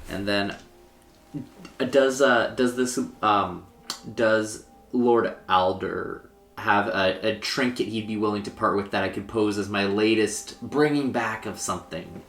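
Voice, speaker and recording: A player in a tabletop game, thinking aloud in a halting way while planning moves. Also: medium pitch, a bit bright, soft background music. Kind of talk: tabletop role-play. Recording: roomy echo.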